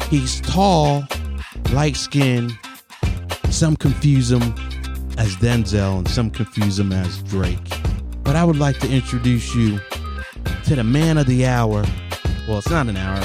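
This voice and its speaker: A man's voice: medium pitch, measured pace, long pauses, over music, natural voice. A man putting on the voice of a showy male hype-man announcer, drawing out his words in stagey style. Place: home closet.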